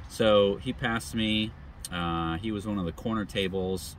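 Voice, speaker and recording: A middle-aged man, a travel vlogger, casually telling a faith story in an animated, rambling way with many fillers. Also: low-pitched, normal speed, a little hiss or hum.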